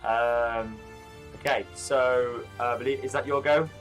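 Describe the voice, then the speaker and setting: A man's voice: mid-range voice, steady tone, unhurried, faint music behind. A man acting as game master of a tabletop game, talking hesitantly with many fillers as he keeps track of the turns. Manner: hesitant, full of fillers, bookkeeping aloud.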